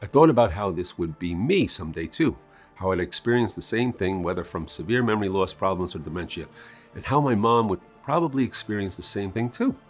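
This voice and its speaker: This is a man recounting a scripted sales tale from his own perspective, briskly and expressively. He dramatizes it with strong shifts in pitch and volume over faint background music.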